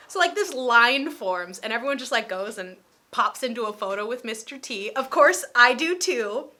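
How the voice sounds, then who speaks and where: A young woman in her twenties telling a storytime vlog in a chatty, animated way, with lots of "like". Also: fairly high pitch, normal speed. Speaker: vlogger.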